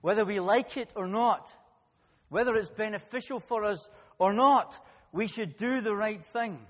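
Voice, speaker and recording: A man preaching a sermon, telling a personal story with lively swings between loud emphasis and quiet asides. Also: high-pitched, normal speed. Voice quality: husky. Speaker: pastor. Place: church hall. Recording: long church-hall reverb.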